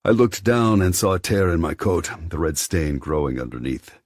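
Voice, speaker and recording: A man reading a first-person audiobook narration in a cool, measured way. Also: deep voice, expressive, a little mellow, dry recording, studio quality.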